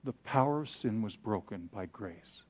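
A man with a lowish, animated voice preaches at a normal pace over background noise. Telling a personal story, he comes across candid and self-deprecating, and he acts out the voices of the people he quotes.

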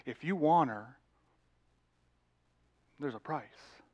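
Man playing a demanding trader, haughty and cold, slightly higher pitched. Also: lively intonation, slow pace, dull audio. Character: gruff male market trader holding a wife.

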